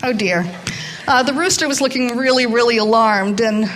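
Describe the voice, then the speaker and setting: A woman's voice: a little high, normal speed, fairly bright tone. A woman telling a story live to children in a hall, hesitant, with many fillers, drawing in the audience.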